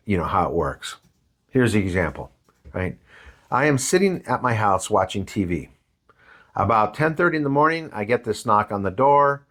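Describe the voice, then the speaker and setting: Guy giving a parenting talk, chatty and animated, acts out the story bits. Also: on the low side. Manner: conversational, tags lines with "right?" and "man"; animated, acts out voices in anecdotes. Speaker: parenting course speaker. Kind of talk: lecture with storytelling.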